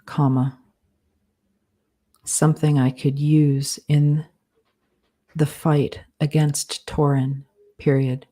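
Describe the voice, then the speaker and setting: Woman author dictating fiction live, low flat voice, measured, punctuation spoken. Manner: slow, measured, speaking punctuation aloud.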